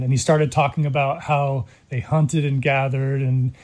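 A middle-aged man from California, telling his story in an earnest, measured way as an interview guest. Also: mid-range voice, little pitch movement, darkish tone. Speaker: guest, documentary creator. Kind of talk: interview conversation.

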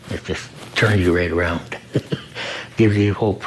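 Deep-voiced guy telling his story, halting and heartfelt, a little quiet hum in the background. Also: steady tone, poor audio. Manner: earnest, halting, repeats words. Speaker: front desk worker at a recovery program. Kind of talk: personal testimony in an interview.

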